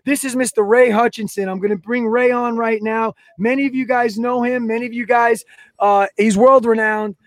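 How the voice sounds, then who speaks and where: This man hosts a podcast and speaks in a notably high voice. He rambles through long stories and acts out the people and sounds in them. The sound is dry and close. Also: normal speed, no room sound. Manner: animated, acts out quoted voices and sound effects. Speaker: podcast host. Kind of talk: casual podcast storytelling.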